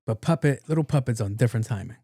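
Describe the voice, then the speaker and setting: A man's voice: mid-range voice, lively intonation, fast talker, warm tone, breathy edge, no echo, clean studio sound. A man hosting a podcast, retelling a story in a loose, slangy, profane way. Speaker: podcast host. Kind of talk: casual film recap storytelling.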